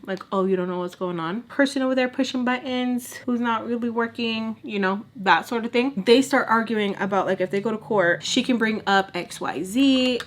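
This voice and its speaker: A young woman vlogger telling a long personal story, chatty and animated, acting out the other people's lines and saying "like" a lot. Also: medium pitch. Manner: lots of filler "like". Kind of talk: casual storytime while doing makeup.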